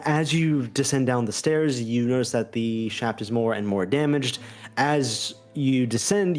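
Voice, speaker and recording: Halting man narrating a tabletop game. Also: medium pitch, a little mellow. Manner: halting, filler-heavy, with many restarts. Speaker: game master.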